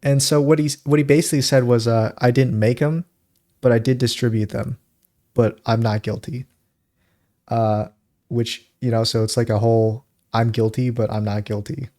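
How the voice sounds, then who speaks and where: Here a male podcast co-host spins a meandering, casual story, often laughing and stopping to act out quotes. He speaks at normal speed in a medium-pitched, dark voice with fairly even intonation.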